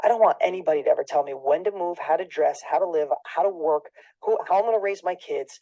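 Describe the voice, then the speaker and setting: A man's voice: fairly high pitch, fast talker, dark tone, dry recording, muffled recording. A middle-aged man as an interview guest, telling a personal story earnestly, restarting and repeating phrases as he goes.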